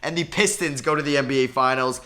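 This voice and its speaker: A young man talking over his basketball video game, excitable and emotional, pleading with his players one moment and groaning the next. His voice has a bright, forceful edge. His pitch sits in a middle range for a man. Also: fast. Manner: excitable, swings from hopeful pleading to groaning despair. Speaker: gaming commentator.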